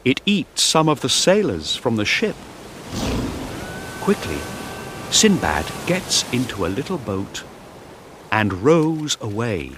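A man narrating a storybook slowly and clearly, paced for learners. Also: medium pitch, background noise. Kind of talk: storybook reading.

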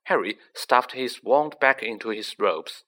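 A man's voice: mid-range voice, animated, measured pace, bright, forceful tone. A man reading a children's story aloud, narrating with acted character voices. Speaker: audiobook reader.

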